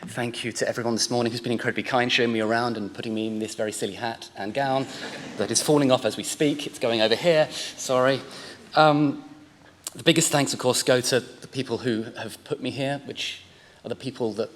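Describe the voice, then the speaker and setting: Forties male, mid-pitched, rambling and self-mocking at a lectern; long hall reverb. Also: steady tone, a little fast. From England. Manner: chatty, jokey, rambling with restarts. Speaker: honorary graduate giving acceptance speech. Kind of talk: emotional, self-deprecating acceptance speech. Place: large ceremony hall.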